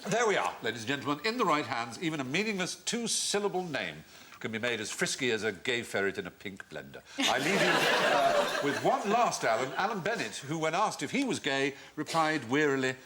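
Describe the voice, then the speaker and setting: A man's voice: mid-range voice, sing-song, a little fast, background noise. A man hosting a comedy quiz panel show, telling playful anecdotes in a wry manner. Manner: wry, playful, storytelling delivery.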